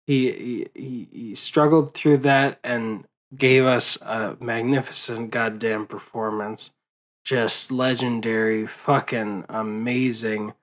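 Slow, weary man rambling through grief. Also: medium pitch, fairly even intonation, a bit bright, low-quality recording. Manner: profane, grieving, rambling with many fillers. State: tired, late at night. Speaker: movie vlogger. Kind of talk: casual rambling monologue.

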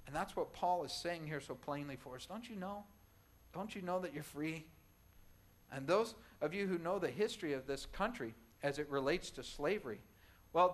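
A man's voice: on the high side, fairly bright tone. A man preaching a sermon as pastor, emphatic, repeating phrases and rising into exclamations. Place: church sanctuary.

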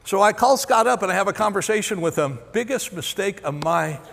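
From the pulpit, a pastor in his sixties tells a story with candid, self-deprecating humor in an expressive, slightly fast, fairly bright voice with vocal fry that sits high for a man. He often stops and restarts mid-phrase, and a large church auditorium's long reverb rings around him.

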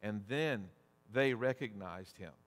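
A man preaching a sermon as pastor, deliberate and measured, asking rhetorical questions. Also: fairly low pitch. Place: church sanctuary. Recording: long church reverb.

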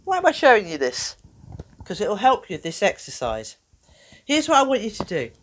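A woman presenting an educational video for children, talking in a playful, animated way. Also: medium pitch, moderate pace, slight background noise. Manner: animated, playful, acts out little voices.

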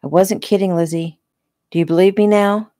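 A woman reading the part of a menacing male attacker who speaks calmly and quietly in an audiobook. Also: medium pitch, brisk, no echo, clean studio sound, close to an everyday voice. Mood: cold coaxing. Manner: calm, coaxing, quietly threatening. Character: menacing male attacker, soft-spoken and cold.

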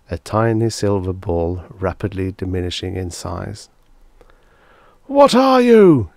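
A man with a very low voice reads vintage science fiction aloud, measured and unhurried. The recording is close and dry, with no room around it. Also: a little mellow, no room sound. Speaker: audiobook narrator.

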